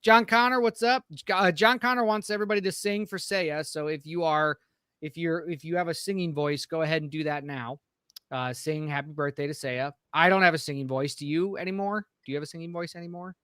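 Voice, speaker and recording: A man with a high, bright speaking voice co-hosts a live-stream podcast in casual chat. He sounds upbeat and keeps calling out viewers in the chat, rambling with fillers. The sound is dry and close, with no room around it. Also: steady tone, a little fast, clean tone, no echo. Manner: rambling with frequent fillers and restarts. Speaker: podcast co-host.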